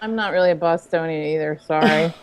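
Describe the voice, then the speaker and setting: A woman's voice: deep voice, quick pace, smooth, faint music behind. A woman co-hosting a casual video chat show, joking and teasing playfully. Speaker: co-host.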